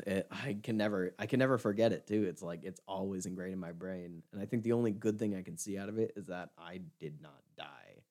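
A young man chatting on a podcast, telling a story and breaking into laughter as he acts out what people said. His voice sits fairly low and has a mellow, warm tone. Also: a little fast, hardly any pauses. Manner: animated storyteller, acts out quotes, laughs often. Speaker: podcast co-host. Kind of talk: casual chat, telling a story.

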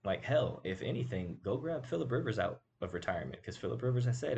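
A man's voice: medium pitch, expressive, fast talker, vocal fry, darkish tone, a little hiss or hum. A man hosting a casual sports commentary show, talking emphatically and tossing rhetorical asides to his audience.

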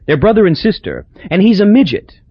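A man reading aloud, voicing a chatty, excitable middle-aged woman with a gravelly edge. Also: high-pitched, a little fast, dry recording, pitched above the performer's own voice, heavily acted. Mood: gushing. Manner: gushing, emphatic. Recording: dull lo-fi audio.

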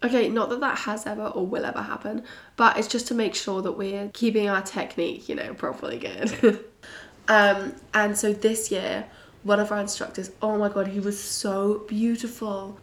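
A young British woman hosting a casual solo podcast, bubbly and chatty with frequent giggles, her voice a little croaky and husky. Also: mid-range voice, fairly even intonation, normal speed. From Britain. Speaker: podcast host. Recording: roomy echo.

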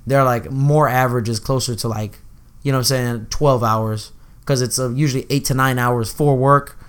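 A man's voice: mid-range voice, fairly even intonation, moderate pace, smooth. A young man hosting a casual podcast, loose and profane, often laughing and acting out movie lines. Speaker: podcast host.

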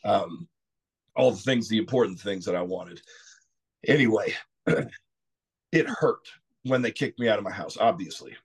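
A middle-aged man from Texas, a podcast guest telling his story candidly, rambling and clearing his throat often. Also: fairly low pitch, lively intonation, a little slow, long pauses. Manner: frequent "you know" asides.

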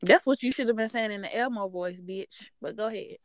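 A woman's voice: mid-range voice, brisk. A woman co-hosting a casual chat, tossing in blunt, profane, teasing remarks. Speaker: podcast co-host.

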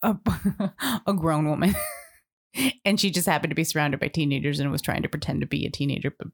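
Woman, casual chat, mid-pitched, measured and agreeable, light laughs. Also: vocal fry.

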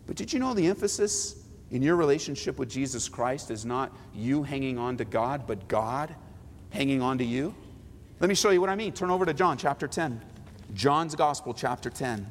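A man pastor preaching a sermon, shifting between forceful emphasis and hushed, quiet pleading. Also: a little high, animated, a little fast, big-room sound, slight background noise. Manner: dynamic, swings from forceful to hushed.

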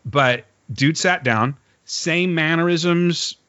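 A man telling a story in casual podcast chat. He is animated, swears, and laughs as he talks. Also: a little high, slow pace, no echo. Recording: dull, lo-fi recording.

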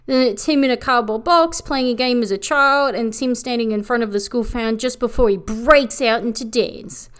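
A woman's voice: fairly high pitch, fairly bright tone. Sarcastic woman recapping an anime. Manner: sarcastic, profane, mocks characters with quick put-on lines. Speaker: anime reviewer. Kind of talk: comedic recap commentary.

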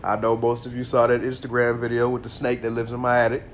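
Animated, slangy man, congested. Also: medium pitch, fast talker, slight background noise. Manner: animated storytelling, slangy and profane, bursts of laughter. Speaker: podcast host. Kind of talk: casual solo podcast monologue.

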